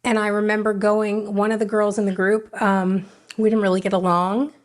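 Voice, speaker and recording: A woman's voice: medium pitch, level tone, moderate pace. A middle-aged woman sits as a guest and tells her own recovery story. She speaks frankly and with real feeling. Now and then she slips into the voice she had at the time, replaying what she once said. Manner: frank, emotional, re-enacts her own past words. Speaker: podcast guest.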